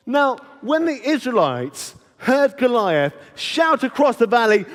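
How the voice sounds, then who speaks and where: Man, high and lively voice, slow animated children's talk, reverberant church hall. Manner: expressive, asking children questions. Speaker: children's club speaker.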